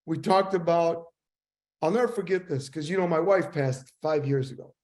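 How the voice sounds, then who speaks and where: An older man, a sales trainer, telling casual stories in a rambling, animated way. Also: a little high, normal speed. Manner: animated, rambling anecdotes with voice impressions. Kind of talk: casual storytelling.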